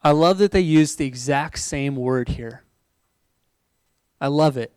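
A young man preaching a sermon, telling a personal story in a chatty, animated way with plenty of "like" and laughter. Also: on the high side, measured pace, smooth, no echo, low-quality recording.

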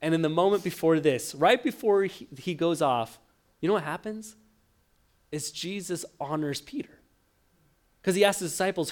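A man preaching a sermon, telling the story with lively acted-out quotes and frequent stammered restarts. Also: a little high, normal speed, long pauses. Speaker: pastor.

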